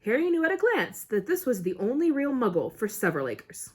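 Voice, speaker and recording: A woman reading a novel aloud in an expressive way, with small slips now and then. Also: a little high, a little fast, breathy edge. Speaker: audiobook reader.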